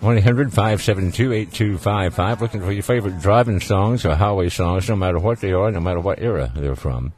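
Deep-voiced Southern man hosting call-in radio. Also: a little fast, hardly any pauses, a little mellow, faint music behind. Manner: folksy, chatty, laughs easily. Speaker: radio call-in show host. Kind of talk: casual call-in radio chat.

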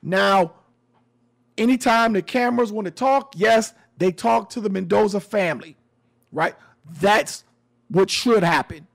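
A man's voice: high-pitched, a little slow, vocal fry. A man giving a casual commentary monologue, sarcastic and emphatic, often repeating his phrases.

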